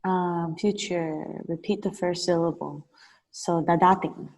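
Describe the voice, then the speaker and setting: A woman's voice: fairly low pitch, fairly even intonation, a little slow, a little mellow, low-quality recording. A woman taking a one-on-one language lesson over a video call, tentatively sounding out words. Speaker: language student.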